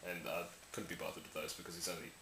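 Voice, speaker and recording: Rapid-fire and sharp, this low-pitched man keeps his pitch fairly flat. As a language tutorial maker, he casually explains speech sounds, sounding each one out while rambling and correcting himself. The recording has an echoey room and faint hiss.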